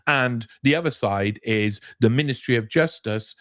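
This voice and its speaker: A man, a journalist appearing as a guest, recounting events in casual storytelling with lots of halting restarts. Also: medium pitch, no echo, clean studio sound. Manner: animated, halting with many restarts.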